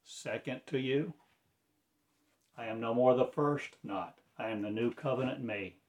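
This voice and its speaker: A man performs a spoken-word monologue in slow, drawn-out fragments. His delivery is incantatory, with preacher-like phrasing, in a mid-range voice. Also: mid-range voice, darkish tone.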